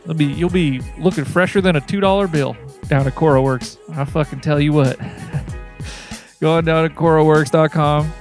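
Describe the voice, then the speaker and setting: A man's voice: on the high side, fairly even intonation, normal speed, a little mellow, soft background music. A man hosting a podcast, doing a loose, joking sponsor read full of slang. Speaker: podcast host reading a sponsor spot.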